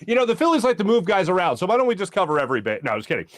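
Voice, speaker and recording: A man in his thirties hosting a sports talk show, interviewing a guest in a quick, chatty, enthusiastic way. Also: high voice, very animated, no room sound, clean studio sound. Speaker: sports radio host.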